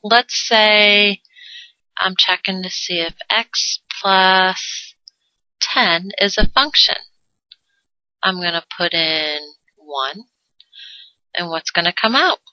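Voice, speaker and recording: A woman's voice: medium pitch, takes it slowly, pauses often, sharp tone, dry recording. A woman teaching a math lesson in a playful way, adding silly sound effects and jokes. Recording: dull lo-fi dry recording.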